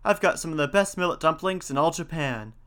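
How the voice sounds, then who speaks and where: A man's voice: on the high side, animated, a little fast, a bit bright, clean tone. A man voicing a bold, cheerful young hero in a storybook reading, eager and commanding.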